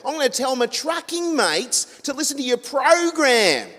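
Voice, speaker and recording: A man with an Australian accent putting on a high, loud, choked-up voice as a tearful, gushing male trucker calling in. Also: big pitch swings, a little slow, big-room sound, exaggerated voice. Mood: tearfully gushing.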